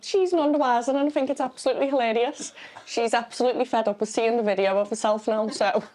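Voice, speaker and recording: A woman's voice: fairly high pitch, quick pace, a little mellow, low-quality recording. Woman, amused, easygoing, casual interview, faint noise.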